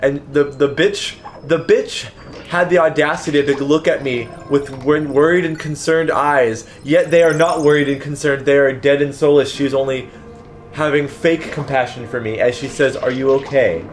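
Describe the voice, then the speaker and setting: A man with a fairly high, fairly evenly intoned voice speaks at normal speed, co-hosting a let's play. While gaming with a friend, he rants through an exasperated, profane story in casual chat. Game music plays underneath, with slight background noise.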